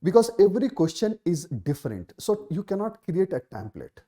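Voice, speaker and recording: A man's voice: high-pitched, sing-song, normal speed, mellow. A middle-aged man with an Indian English accent, a coaching teacher answering student questions in a live session, emphatic and repeating key phrases with many fillers.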